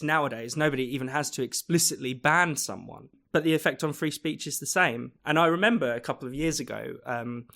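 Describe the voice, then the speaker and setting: A man's voice: mid-range voice, a bit bright. A man hosting a podcast discussion, talking casually with frequent fillers. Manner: conversational, hedging with frequent fillers. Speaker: podcast host.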